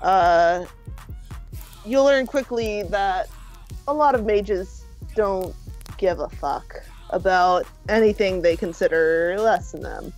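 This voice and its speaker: A woman's voice: mid-range voice, darkish tone. A woman voicing an easygoing middle-aged man who rescues a frightened stranger, with an offhand, fumbling manner. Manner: casual, offhand, fumbling fillers. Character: easygoing blond middle-aged male mage rescuer, breezy.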